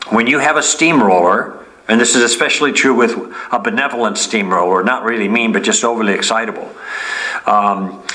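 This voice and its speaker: A man's voice: medium pitch, sharp tone, rough recording. A man teaching a lesson in a conversational way, often checking in with "okay?" and acting out friendly sample lines. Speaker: Bible teacher. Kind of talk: teaching talk.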